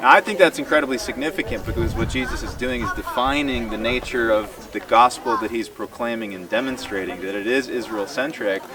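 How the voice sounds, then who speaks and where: A man giving an animated, emphatic Bible teaching to a tour group outdoors. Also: mid-range voice, fairly quick, hardly any pauses. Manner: animated and emphatic, acts out quoted dialogue. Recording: distant mic outdoors with crowd noise.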